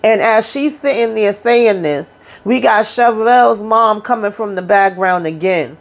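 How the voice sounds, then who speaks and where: A YouTube host recaps reality TV casually, blunt and profane, acting out quotes as she retells scenes. Her mid-range voice is unhurried, with few pauses.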